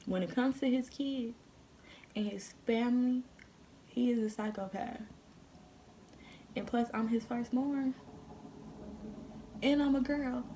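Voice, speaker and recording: A young woman telling a story on her vlog, animated and profane, full of slang. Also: a little high, takes it slowly, long pauses, a little hiss or hum. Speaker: vlogger.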